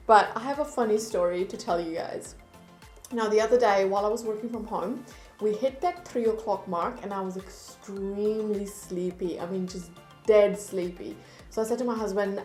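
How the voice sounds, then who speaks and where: Woman chatting at her desk about makeup, lively storytelling, room echo and a little music underneath. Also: medium pitch, moderate pace. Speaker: beauty vlogger. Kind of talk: casual chat to camera.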